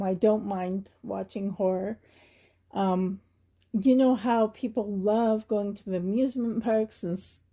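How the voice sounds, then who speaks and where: A woman's voice: medium pitch, dark tone, slightly rough. A woman from Canada vlogging in a chatty, rambling way, often laughing and getting emotional. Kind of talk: casual chatty tag video.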